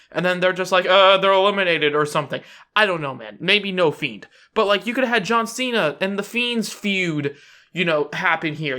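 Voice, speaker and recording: Man, high voice, sharp bright tone, rambling sarcastic vlog rant. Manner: rambling, sarcastic, frequent restarts. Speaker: YouTube wrestling commentator. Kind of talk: casual prediction rant.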